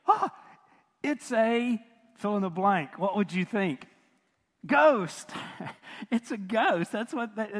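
Male pastor, chatty sermon delivery, lightly raised pitch, echoing church hall. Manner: conversational preaching, asks the audience questions, repeats phrases. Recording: long hall reverb.

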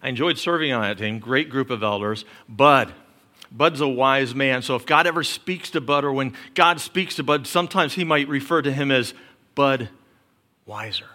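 A middle-aged man preaching a sermon as pastor, building points through emphatic repetition and dropping to soft murmurs. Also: mid-range voice, moderate pace.

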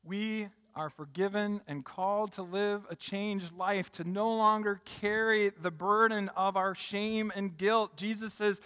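His sermon echoes with long reverb through a large room as the pastor, a man with a high, bright, clear and resonant voice, speaks at a measured pace with few pauses and fairly even intonation. He rises to emphatic peaks and sinks low and quiet when telling stories.

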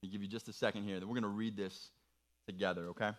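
A man's voice: lowish voice, little pitch movement, fast talker. A man preaching an earnest youth sermon, guiding listeners through a worksheet with encouraging, step-by-step instructions.

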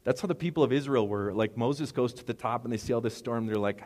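A man's voice: medium pitch, fast, a little mellow, in a large hall. A middle-aged man preaching a sermon as pastor, rambling and conversational with asides.

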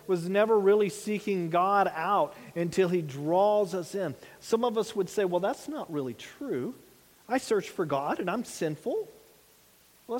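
A man in his thirties preaches a sermon, talking earnestly and plainly, with plenty of rhetorical questions. His voice sits high for a man. It rings out with a long reverb, like a big hall. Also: darkish tone. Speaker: pastor.

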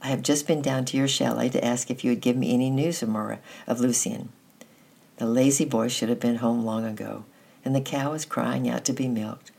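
A storyteller voicing a stout, grim older mother who speaks in a firm, commanding and measured way. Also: mid-range voice, vocal fry, a little mellow, slightly rough.

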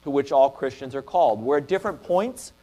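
A man preaching a sermon in an earnest, measured way, sometimes restarting a phrase. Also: medium pitch, expressive, dark tone. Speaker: pastor.

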